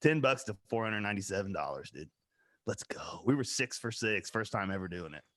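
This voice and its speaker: A man, co-hosting a podcast in casual chat, telling stories loudly with plenty of laughter and swearing. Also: on the low side, quick pace. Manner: loud, laughing storyteller, swears freely. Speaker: podcast co-host.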